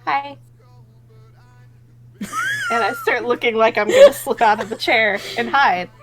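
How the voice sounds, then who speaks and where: Brief: woman player, fairly high voice swooping widely, faint music behind. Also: wildly swooping pitch, brisk, low-quality recording. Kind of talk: tabletop role-playing game play.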